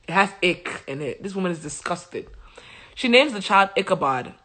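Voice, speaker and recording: A woman hosting a live stream, joking her way through a Bible story. She talks in an animated, slangy way and swings between loud and soft. Her voice is bright. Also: on the low side, normal speed. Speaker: host.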